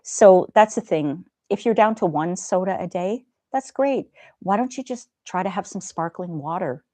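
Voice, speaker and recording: A gentle, chatty middle-aged woman hosting a live stream, talking to viewers and laughing now and then. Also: lowish voice, expressive, moderate pace, no echo. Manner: gentle, chatty, laughs often, soft asides. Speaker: live stream host reading chat. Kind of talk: casual live stream chat.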